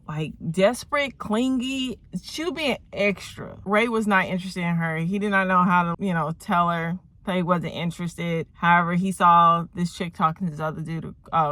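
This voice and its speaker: A woman's voice: fairly low pitch, a bit bright, no room sound. A woman vlogger rambling through a casual movie recap, opinionated and full of fillers.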